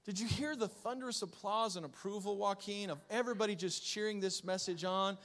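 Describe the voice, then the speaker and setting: A male pastor preaching a sermon, joking with the congregation and swinging from low asides to loud, emphatic lines. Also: fairly quick.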